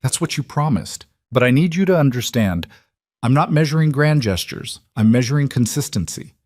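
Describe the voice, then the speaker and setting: A man voicing a wary, wounded young wife in a read-aloud story, speaking in a measured, firm way. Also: medium pitch, lively intonation, darkish tone, no echo, clean studio sound, pitched above the performer's own voice, close to an everyday voice.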